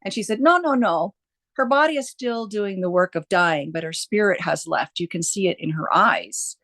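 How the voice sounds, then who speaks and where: A woman's voice: medium pitch, animated, normal speed, fairly bright tone. A woman who works as a hospice nurse, telling stories earnestly in a casual interview, with frequent restarts and fillers.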